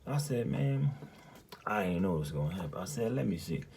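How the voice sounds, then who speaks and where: Deep-voiced man rambling through a profane tale. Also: big pitch swings, moderate pace, slight background noise. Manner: profane, rambling, keeps asking "you hear me?"; drops often into a hushed, breathy half-whisper. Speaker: storyteller. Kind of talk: casual spoken recounting of a dream.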